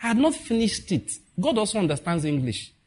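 Husky Nigerian preacher, lively delivery. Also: male voice, high-pitched, fairly quick. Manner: animated, acts out quoted dialogue, asks the audience questions. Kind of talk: conversational sermon.

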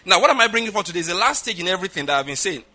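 A man's voice: sits high, big pitch swings, racing, bright, forceful tone. A middle-aged man preaching a sermon as pastor, emphatic and often checking with his listeners. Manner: emphatic, repeats "all right?" and "do you understand?" to the audience.

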